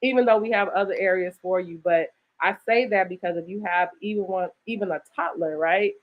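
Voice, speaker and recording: Talking fairly quickly in a mid-range voice, this festival co-organizer and co-host promotes a literary event in a breezy, upbeat way. She keeps asking "right?", has a slight lisp from her dental aligners, and is recorded in dull lo-fi sound.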